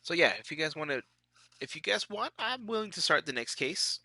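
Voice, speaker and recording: A man's voice: fairly high pitch, sing-song, a little fast, pushed and bright, no room sound, clean studio sound. Stuffy-nosed man chatting on a game stream. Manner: laid-back, chatty, swears and laughs often. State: sick with a stuffy nose. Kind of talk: casual live-stream chat.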